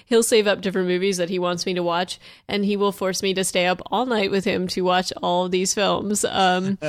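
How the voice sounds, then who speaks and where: A woman's voice: mid-range voice, creaky, no echo, clean studio sound. A woman co-host chatting casually on a podcast, with many fillers and easy laughter. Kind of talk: casual chat.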